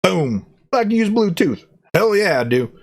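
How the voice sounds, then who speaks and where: Playful man unboxing gear. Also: normal speed. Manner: playful, jokey cowboy persona with excited pitch jumps. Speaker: product reviewer. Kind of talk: casual unboxing vlog.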